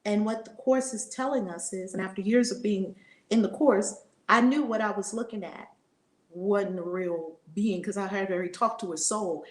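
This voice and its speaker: A middle-aged woman giving an impassioned spiritual talk, emphatic and repetitive, swinging between loud declarations and hushed asides, casual and swearing freely. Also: medium pitch, moderate pace, roomy sound. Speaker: spiritual teacher.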